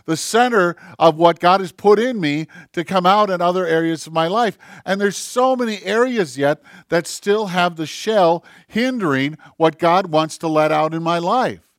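A male pastor delivering a sermon with fervent conviction, his voice sitting a touch higher than most men's. He swings between pressed, emphatic phrases and hushed, almost whispered lines. The sound is close and dry, with no room around it. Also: no echo. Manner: impassioned, swings from loud emphasis to near-whispers.

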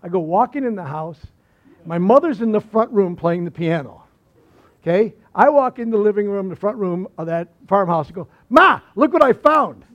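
A man's voice: sits high, lively intonation, normal speed. A male pastor preaching a sermon, telling stories in a folksy way with repeated phrases and asides. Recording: slightly muffled recording.

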